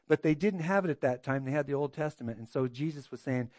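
A man's voice: a little high, fast talker, few pauses, darkish tone, no room sound. A man preaching a sermon as a pastor, earnest and full of rhetorical questions.

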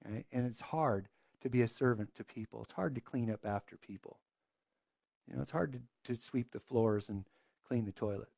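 A man's voice: mid-range voice, moderate pace, creaky, a little mellow, no room sound. A man preaching a sermon as a pastor, earnest and full of rhetorical questions.

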